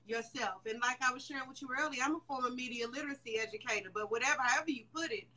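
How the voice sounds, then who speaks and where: Woman, bright sharp tone, emphatic, casual panel chat. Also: on the high side, rapid-fire, rough recording. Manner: emphatic, repeats words while building a point. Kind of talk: casual discussion.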